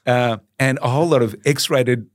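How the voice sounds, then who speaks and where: An Australian man in his sixties, a podcast guest telling stories in a lively, animated way. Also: mid-range voice, moderate pace, no echo, studio quality. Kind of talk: casual storytelling.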